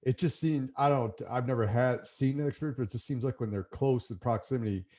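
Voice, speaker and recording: A man hosting a podcast, asking musing, halting questions in a casual interview. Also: mid-range voice, warm tone. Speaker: podcast host.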